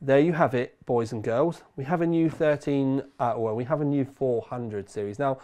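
A middle-aged British man hosting a tech review, talking casually and rambling with self-corrections, a little hoarse from recent illness. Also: mid-range voice, moderate pace, dark tone. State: slightly hoarse, recovering from illness.

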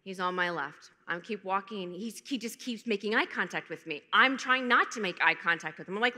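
A woman's voice: mid-range voice, fairly quick, few pauses, bright, forceful tone. A woman in her thirties giving a candid, emotional personal testimony to a conference, with self-deprecating humor. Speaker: conference speaker. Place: large conference hall. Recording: reverberant hall.

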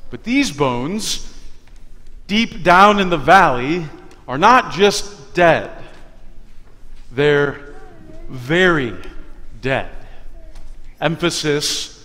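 High-voiced pastor in echoing church. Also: male voice, fairly bright tone. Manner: emphatic, rhetorical questions, dramatic pauses. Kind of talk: sermon. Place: church sanctuary. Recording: long church reverb.

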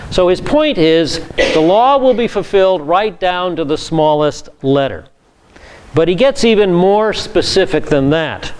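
A man's voice: on the high side, a little hiss or hum. A man, a pastor, giving a methodical Bible teaching session from slides and repeating key words for emphasis.

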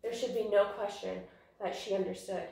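A woman's voice: mid-range voice, fairly even intonation, normal speed, creaky, mellow, far from the mic. A breathless young woman explains dog training in a chatty, rambling way. She sounds like she's standing back from the mic in a very echoey room. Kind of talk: casual training lesson.

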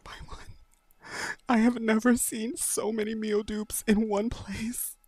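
A woman streamer giving joking, dramatic, excitable reactions over a game. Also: fairly high pitch, slow pace, breathy edge, no room sound. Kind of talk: live game stream commentary.

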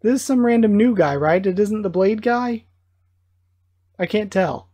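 A man's voice: high-pitched, lively intonation, a little slow, long pauses, mellow. A man hosting a live manga reading reaction, commenting in an enthusiastic, gushing fan manner. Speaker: reaction video host.

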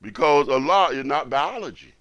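A man's voice: fairly high pitch, expressive, normal speed, vocal fry, noisy background. A man giving a Friday sermon as imam, repeating lines emphatically and asking rhetorical questions. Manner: swings between hushed and loud, rising to forceful.

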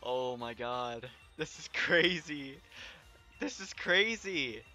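Male streamer, overexcited, unhurried but exclaiming, crisp bright tone. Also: mid-range voice, soft background music. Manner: excitable, exclaiming and laughing, then apologetic rambling. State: overexcited, shaking. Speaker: game streamer. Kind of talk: live gaming stream commentary. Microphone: desk microphone, audio clipping.

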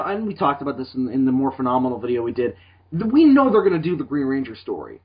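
Animated husky man, rambling. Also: mid-range voice, fast. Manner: rambling, animated, frequent restarts. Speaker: podcast co-host. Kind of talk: casual chat. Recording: dull lo-fi sound.

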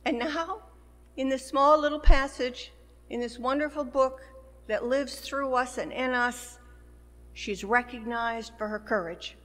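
Woman minister, sermon delivery, unhurried, in a sanctuary with long reverb. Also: sits high, a bit bright. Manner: slow, measured preaching with rising emphasis. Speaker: pastor. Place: church sanctuary. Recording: long church hall reverb.

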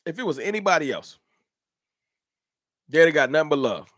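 High-pitched, fired-up fan show host. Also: male voice, big pitch swings, moderate pace, a bit bright, no echo, clean studio sound. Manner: heated, rhetorical, talks straight to chat. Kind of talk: animated live-stream sports rant.

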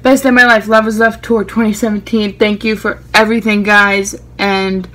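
A young woman vlogging in a casual chat, talking in an excitable, rambling and gushing way. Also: mid-range voice, moderate pace.

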